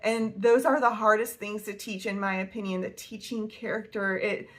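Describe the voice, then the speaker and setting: A woman's voice: medium pitch, fairly even intonation, normal speed. A woman, talking casually to camera as a homeschool vlogger, chatty and laughing often. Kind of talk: casual faith-based talk to camera.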